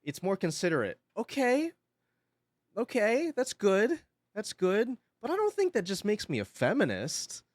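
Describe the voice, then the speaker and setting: A male streamer chats casually with his audience. His pitch swings widely as he tells his story, and he swears freely and laughs often. The sound is dry and close, with no room echo. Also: huge pitch swings, measured pace. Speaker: livestreamer.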